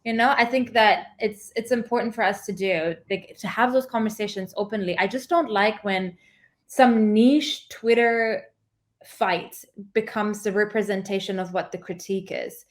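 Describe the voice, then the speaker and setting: A woman academic answering questions on a podcast in an everyday middle voice. She reasons her way through each point and fills her pauses with "um". Her delivery is calm and measured. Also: mid-range voice. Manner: thoughtful, measured, many "um"s. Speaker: academic guest. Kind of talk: conversational interview.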